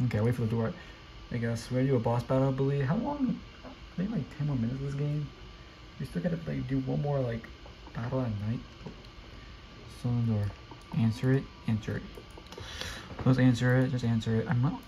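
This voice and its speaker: A young man giving live, excitable commentary while playing a video game, often repeating quick exclamations. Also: medium pitch, gravelly, slight background noise, rough recording. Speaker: gameplay streamer.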